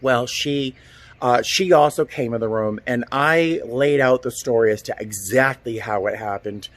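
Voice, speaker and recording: A man's voice: mid-range voice, a little slow. A middle-aged man chatting casually to his vlog camera outdoors at home, telling a long story and acting out the voices of the people in it. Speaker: vlogger. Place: outdoors at home, feeding cats.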